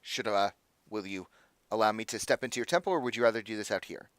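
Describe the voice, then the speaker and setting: A man's voice: lowish voice, fast, fairly bright tone, clean tone, no echo, close to an everyday voice. A man voicing a curt, formal female guard lieutenant in a tabletop game.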